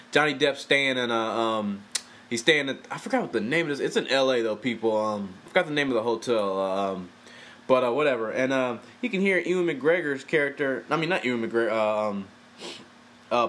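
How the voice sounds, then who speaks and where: A man's voice: medium pitch, fairly bright tone. A man giving a casual, profane, exasperated film review, talking animatedly and swearing freely.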